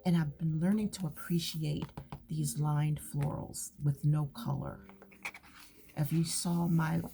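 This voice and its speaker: Low gravelly woman, chatty and hushed. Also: fairly even intonation, a little slow. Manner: chatty, rambling, often drops to a whisper. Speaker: craft channel host. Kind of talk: relaxed journaling chat.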